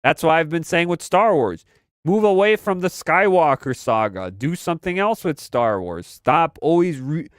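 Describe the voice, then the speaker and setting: A young man talks loosely through his live stream, looping back on his own phrases and throwing in slang. His voice is smooth and clean, set close to a dry mic with no room sound around it. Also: a little high, no room sound. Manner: rambling, repeats phrases, slangy. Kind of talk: casual pop-culture commentary.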